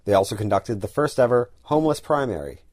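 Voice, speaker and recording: A male radio host reading a formal scripted introduction in a steady manner. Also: mid-range voice, fast.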